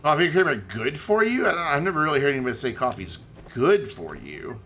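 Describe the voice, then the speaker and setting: Lively, bright-voiced male game streamer. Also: fairly high pitch, fast talker, slight background noise. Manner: rambling, joking, animated. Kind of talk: casual chat while playing a game.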